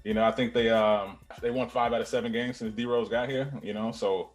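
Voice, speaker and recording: A man's voice: lowish voice, steady tone, brisk, faint music behind. Laid-back man in sports chat. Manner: laid-back, full of fillers like "you know". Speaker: podcast co-host.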